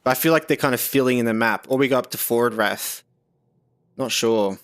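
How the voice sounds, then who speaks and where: A man's voice: medium pitch, normal speed, smooth. A young Australian man chatting casually with viewers during a live game stream, reading chat aloud with lots of fillers.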